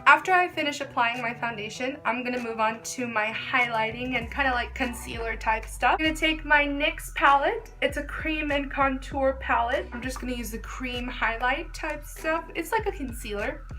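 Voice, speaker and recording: Bright high-voiced young woman vlogger. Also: moderate pace, hardly any pauses, faint music behind. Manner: chatty, gushing, filler-heavy "like". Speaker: beauty vlogger. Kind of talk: casual makeup tutorial.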